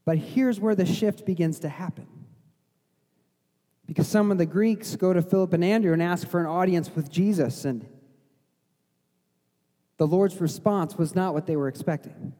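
Middle-aged male pastor, high voice, casual storytelling sermon in a reverberant sanctuary. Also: moderate pace, long pauses, warm tone. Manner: conversational preaching, acts out voices of the crowd. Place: church sanctuary.

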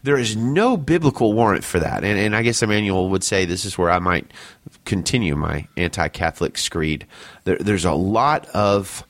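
A man co-hosting a casual discussion podcast, speaking earnestly with frequent restarts and pauses. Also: deep voice, animated, fairly bright tone. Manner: earnest, halting, many restarts, reads quotes aloud. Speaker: podcast co-host.

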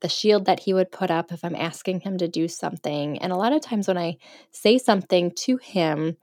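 Woman, mother, low voice, dry close sound, reflective. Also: normal speed, darkish tone, no room sound. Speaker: guest mother. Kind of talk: casual conversation.

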